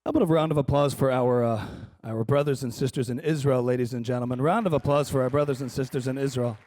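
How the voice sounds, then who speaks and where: A man doing a stand-up comedy set on a conference stage, wry and animated, playing to the crowd. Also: medium pitch, fast. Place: large conference hall stage.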